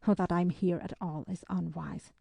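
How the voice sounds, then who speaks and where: A woman reading the part of an anxious young Spanish woman traveller, hesitant and nervous, in a dry, mellow voice. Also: fairly low pitch, fairly even intonation, normal speed, vocal fry, slightly rough, no echo, highs cut off, heavily acted.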